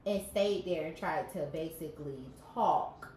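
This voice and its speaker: Woman w/ a stuffy nose reading a reddit-style story on a podcast, lowish voice, echoey noisy room. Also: unhurried, darkish tone. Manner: reads aloud, breaks off to joke and react. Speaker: podcast co-host reading stories. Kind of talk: casual story reading and chat. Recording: echoey room with background noise.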